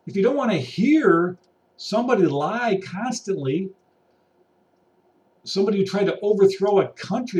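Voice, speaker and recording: A man on an exasperated, preachy rant, pacing a room as he talks. His voice sits on the higher side and lands a little distant from the mic. He drops to mutters, then climbs into raised, pointed outbursts. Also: a little mellow. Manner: paces about while talking. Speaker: vlogger. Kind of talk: ranting monologue to camera. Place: indoor room.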